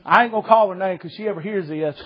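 At a church service, a man with a high voice preaches fast, delivering a folksy, humorous sermon full of stories and jokes. He calls his listeners brother, and the audio sounds dull.

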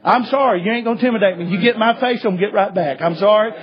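High-voiced fervent preacher. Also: male voice, racing, highs cut off. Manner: fervent, rising to shouts. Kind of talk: sermon with storytelling.

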